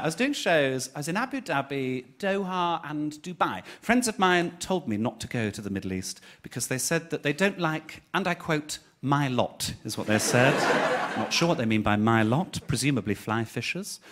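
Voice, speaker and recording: A man, doing live stand-up comedy with camp, teasing banter and giggles at his own jokes. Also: a little high. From Birmingham, England. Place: theatre stage with laughing audience. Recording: noisy live audience recording.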